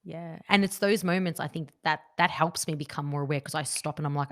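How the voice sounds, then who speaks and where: A woman's voice: deep voice, a little fast. A woman hosting a podcast, telling stories casually, laughing easily and quoting her young son. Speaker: podcast host.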